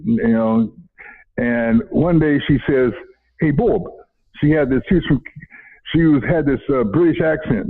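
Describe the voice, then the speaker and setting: An older man, a retired educator telling stories in an interview, repeating himself and chuckling. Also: medium pitch. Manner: rambling, repeats words, chuckles often. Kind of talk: casual interview storytelling. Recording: phone-like narrow audio.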